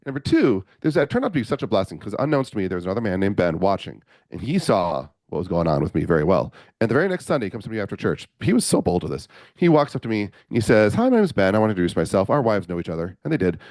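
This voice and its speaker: Male coach guest, middle-aged, low voice, rapid animated storytelling, dry studio sound. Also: no echo. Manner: animated storyteller, acts out quotes. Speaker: podcast guest, men's coach. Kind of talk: storytelling interview.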